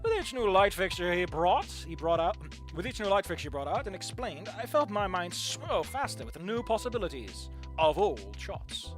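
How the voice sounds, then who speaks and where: A streamer reading a visual novel aloud and commenting along with it, with animated, jokey reactions and loud squeals. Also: medium pitch, moderate pace, faint music behind.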